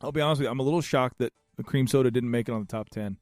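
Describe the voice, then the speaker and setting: A man's voice: medium pitch, very fast, darkish tone, no room sound, studio quality, soft background music. A man co-hosting a casual podcast, rambling and restarting with enthusiasm. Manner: rambling, self-interrupting, enthusiastic. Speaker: podcast co-host. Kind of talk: casual chat.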